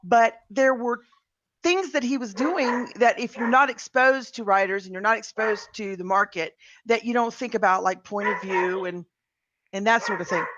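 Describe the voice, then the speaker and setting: A woman's voice: on the high side, normal speed, noisy background. A woman who writes fiction, co-hosting a casual podcast chat in a chatty way, with many fillers. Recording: slightly dull lo-fi sound.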